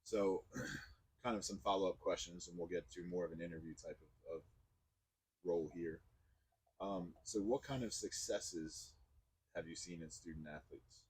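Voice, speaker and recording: A man hosting a podcast, telling anecdotes in an animated way and acting out the quotes. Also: sits low, normal speed, husky, low-quality recording. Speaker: podcast host. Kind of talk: conversational interview.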